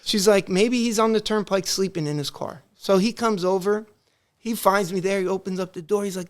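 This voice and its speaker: A man's voice: high voice, normal speed. A man telling a family story in casual podcast talk, acting out the voices of his relatives. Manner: animated, acts out family dialogue. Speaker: podcast guest.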